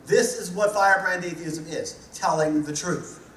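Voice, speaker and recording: A man's voice: high-pitched, a little slow, fairly bright tone, a little hiss or hum. A man with a New Jersey accent giving a humorous conference talk, blunt and punchy, driving points home with repetition. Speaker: conference speaker. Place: large hall. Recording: echoey hall recorded from a distance.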